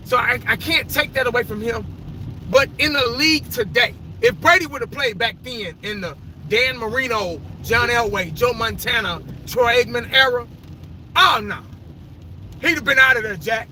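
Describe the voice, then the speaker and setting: In a sharp, extremely high-pitched voice, a man vlogs his casual opinions about football greats, rambling and cursing freely. The recording is rough, with a slight hiss or hum.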